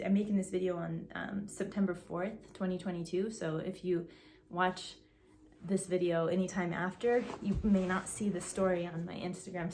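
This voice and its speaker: A woman's voice: on the low side, gravelly, warm tone, a little hiss or hum. Chatty woman talking to camera. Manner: chatty, restarts sentences, says um and like. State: gets out of breath when excited. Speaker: video creator. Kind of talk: casual vlog monologue.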